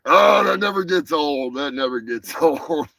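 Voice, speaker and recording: A man hosts a live online show, talking loosely and swearing as he rambles from one story to the next. His voice is fairly high and bright, with a heavy gravelly fry running through it. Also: lively intonation, unhurried, no echo, low-quality recording. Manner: rambling, profane, restarts with laughter. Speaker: host. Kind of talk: casual livestream chat.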